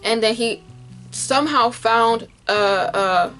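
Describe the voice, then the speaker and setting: A woman's voice: fairly high pitch, slow pace, soft background music. Emotional young woman. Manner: emotional, animated retelling with quoted dialogue. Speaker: vlogger. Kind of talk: casual storytelling to camera.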